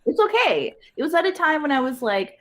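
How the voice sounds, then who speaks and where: A woman with a fairly high voice chats as a guest on a livestream. She is easygoing and giggles often, talking in quick, loose bursts. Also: big pitch swings. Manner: chatty, giggly, quick to laugh. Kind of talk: casual livestream chat.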